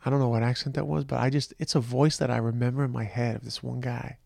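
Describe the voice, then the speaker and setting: A tired middle-aged man hosting a podcast, speaking in a reflective, halting monologue with trailing restarts. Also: mid-range voice, flat delivery, vocal fry, darkish tone, no echo, clean studio sound. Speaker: podcast host. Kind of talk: personal monologue, remembering his mother.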